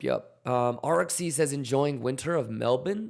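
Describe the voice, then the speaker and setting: A man's voice: mid-range voice, measured pace, gravelly, darkish tone. A man hosting a trading livestream, reading viewer questions aloud and coaching them in a casual, slangy way with many fillers. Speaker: crypto trading livestream host. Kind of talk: livestream chat reading and market commentary.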